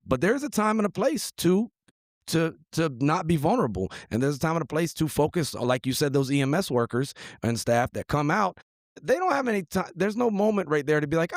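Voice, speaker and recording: A man's voice: a little high, sing-song, brisk, no room sound, clean studio sound. Earnest male interview host. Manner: earnest, emphatic. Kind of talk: interview conversation.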